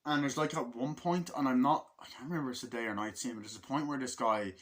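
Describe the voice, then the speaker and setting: A man's voice: medium pitch, fast, a bit bright. A man casually reviewing a film in a rambling, filler-heavy way, swearing often and acting out lines from the movie.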